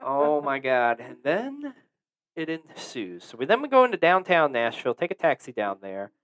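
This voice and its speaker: A man's voice: fairly high pitch, wildly swooping pitch, normal speed, fairly bright tone. A man hosting a podcast, telling a story in a casual, profane, joking way. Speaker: podcast host.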